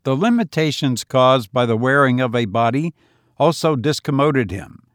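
An audiobook narrator reads a scripted story in an even, measured way. His medium-pitched voice is captured in clean studio sound with no echo.

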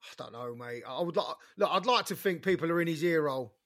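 A man's voice: a little high, animated, fairly quick, fairly bright tone, dry recording, clean studio sound. A man co-hosting a boxing podcast, talking bluntly with emphatic interjections. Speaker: podcast co-host. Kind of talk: casual boxing chat.

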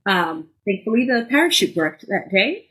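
A woman podcast co-host telling personal stories in a casual way, acting out moments with sudden high bursts and using a lot of "like.". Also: sing-song, moderate pace, fairly bright tone, poor audio. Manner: frequent filler "like".

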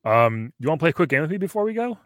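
A man's voice: a little high, big pitch swings, rapid-fire, no echo, clean studio sound. A man hosting a show, chatting casually and playfully, laughing often and joking crudely. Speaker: show host. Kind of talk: casual chat.

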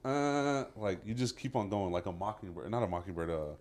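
A man's voice: on the low side, brisk, darkish tone, a little hiss or hum. A young man co-hosting a casual podcast, rambling and searching for his words. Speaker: podcast co-host. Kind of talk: casual chat.

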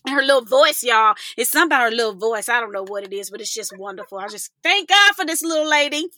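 A woman hosts her podcast in an effusive, chatty way, with laughter scattered through her talk. Her voice sits a little high and rings bright. The recording is close and dry. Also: animated, quick pace, dry recording. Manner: effusive, laughing, calls listeners y'all. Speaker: podcast host. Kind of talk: casual podcast chat.

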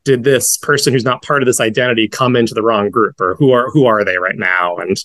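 A man in his thirties from the northeastern United States, a guest in a conversational interview, speaking in a reflective, measured way with many soft fillers. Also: mid-range voice, no echo.

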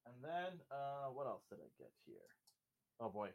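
Animated middle-aged man telling stories. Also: medium pitch, normal speed, highs cut off, a little hiss or hum. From Fiji. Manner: animated storyteller, acts out dialogue. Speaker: podcast co-host. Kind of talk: casual chat.

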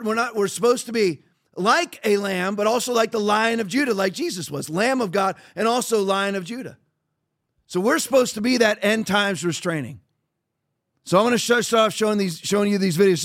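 High-voiced combative man ranting. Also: a bit bright. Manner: combative and mocking; rambling with frequent restarts. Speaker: podcast host. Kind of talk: opinionated podcast monologue.

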